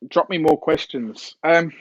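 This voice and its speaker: A man chats on a casual live stream in a fairly high voice. He rambles and hesitates, stacking fillers and restarts. The audio is dull and muffled, with a dry, close sound. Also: a little slow, dry recording.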